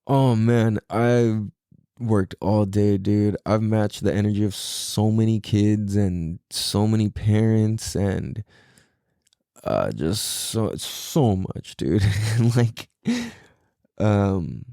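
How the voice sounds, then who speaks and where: A man's voice: fairly low pitch, takes it slowly, creaky, dark tone, clean tone, no echo, studio quality. A tired young man hosting a casual solo podcast, talking in a laid-back, slangy way with a lot of swearing. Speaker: podcast host.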